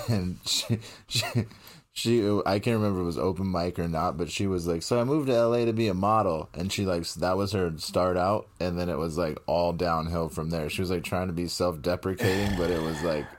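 A man's voice: low voice, fairly even intonation, normal speed. A man co-hosting a podcast in casual, laid-back chat, laughing often. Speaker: podcast co-host.

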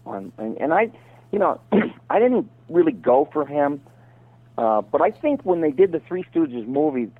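A middle-aged man, a voice actor guest, telling rambling showbiz stories over the phone and slipping into quick impressions. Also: fairly high pitch, sing-song, dry recording. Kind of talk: casual phone interview. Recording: tinny phone line.

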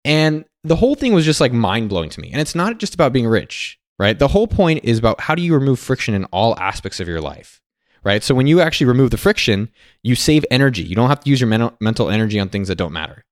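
Fast-talking man telling a story. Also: medium pitch, no room sound, studio quality. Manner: animated, quotes others in lively put-on voices. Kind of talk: casual storytelling monologue.

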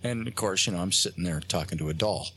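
A man, a guest on a talk show, telling a rambling personal story with many pauses and restarts, acting out the lines of the people in it. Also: low-pitched, sharp tone, slightly rough. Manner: halting, many fillers and restarts, acts out quotes.

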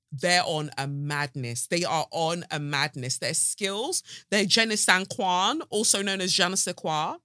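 A woman in her thirties hosting a podcast in casual, animated chat, laughing often. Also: low voice, dry recording, clean studio sound. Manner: chatty, animated, laughs and breaks into song. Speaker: podcast host.

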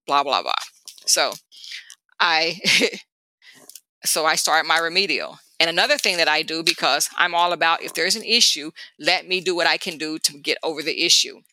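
A woman guest recounting her past in a conversational, animated storytelling manner, acting out the people she quotes. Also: low voice, no room sound. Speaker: guest, former DEA agent.

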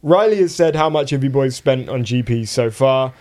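A man's voice: medium pitch, moderate pace, darkish tone. Young man reading out listener questions. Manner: chatty, reads out listener questions. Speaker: podcast co-host. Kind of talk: casual chat.

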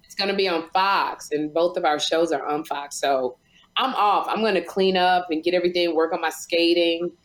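Animated woman co-host chatting. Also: on the low side, moderate pace. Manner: animated, excitable. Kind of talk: casual chat.

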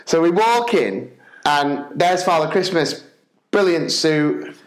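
Animated man telling a funny story. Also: a little high, slow. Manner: animated, quotes people in put-on voices, rambling restarts. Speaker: podcast co-host, primary teacher. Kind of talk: comic storytelling chat. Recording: echoey room.

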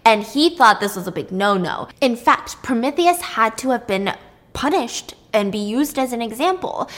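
A woman's voice: fairly high pitch, animated, moderate pace. A young woman retelling a myth to a friend in a chatty, blunt, laughing way. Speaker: podcast host.

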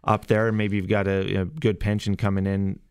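A man hosting a radio call-in show, friendly and upbeat, reading out phone numbers slowly. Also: fairly low pitch, completely flat delivery, darkish tone, clear, resonant tone, no echo. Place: radio studio. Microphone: studio microphone.

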